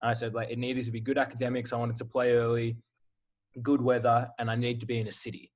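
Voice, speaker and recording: A man's voice: medium pitch, quick pace. A young Australian man in his twenties, a college football player, chatting candidly as a podcast guest with lots of "like" fillers. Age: 20s. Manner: relaxed, candid, filler-heavy. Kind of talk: casual podcast interview.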